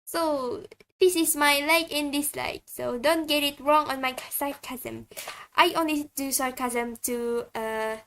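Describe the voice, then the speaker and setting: High, slow-talking woman. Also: a bit bright. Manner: halting, chatty. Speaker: streamer. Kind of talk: casual stream self-introduction.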